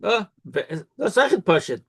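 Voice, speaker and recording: A man with a slightly raised pitch leading a Talmud study session. He explains the reasoning patiently, confirming what his partner says and summing up each point as they go. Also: very animated, moderate pace, vocal fry, slightly rough.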